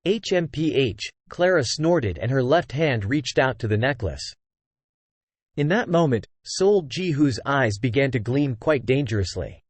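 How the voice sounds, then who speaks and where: Male audiobook narrator, lively pitch. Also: dry recording. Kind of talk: scripted novel narration.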